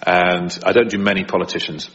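Chatty low-voiced man laughing in interview. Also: flat delivery, a little fast, a bit bright, dull audio. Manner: chatty, laughs often while talking. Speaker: impressionist guest. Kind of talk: conversational interview. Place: radio studio.

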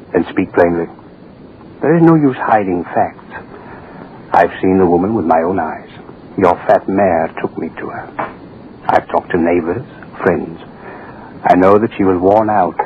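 An actor playing an arrogant, menacing state official who speaks curtly and with contempt, in 1940s radio-acting style. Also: male voice, low-pitched. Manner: curt, domineering, contemptuous. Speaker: propaganda official, His Excellency. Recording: dull old radio recording with faint hiss.

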